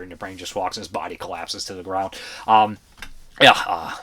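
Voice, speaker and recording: A man's voice: deep voice, steady tone, moderate pace, sharp tone. A man giving blunt, profane, rambling movie reviews in a casual vlog, full of fillers and restarts. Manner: blunt opinionated talk.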